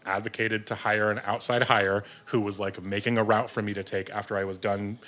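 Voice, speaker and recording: Podcast guest: man with a lowish, forceful voice, rambling and profane, self-mocking. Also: level tone, a little fast. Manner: rambling, swears freely, laughs at himself. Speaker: podcast guest, beer distributor sales rep. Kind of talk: casual storytelling.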